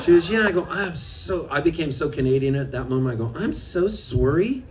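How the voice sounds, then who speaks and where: Animated man telling stories on stage. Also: a little high, fast talker. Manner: animated, self-mocking, laughs through his stories. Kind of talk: storytelling between songs at a live show. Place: live music venue with an audience. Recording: distant live room recording with crowd. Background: audience and ambient noise.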